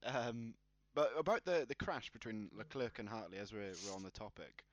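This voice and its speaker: A man's voice: fairly low pitch, animated, normal speed, no echo, dull audio. A man hosting a casual podcast chat, laughing often and talking loosely with plenty of fillers. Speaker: podcast host.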